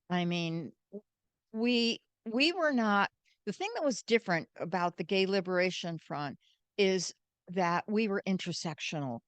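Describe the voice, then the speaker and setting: Older woman telling lively stories. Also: fairly low pitch, no echo. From United States. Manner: animated, acts out quoted voices. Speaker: guest. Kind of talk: storytelling interview.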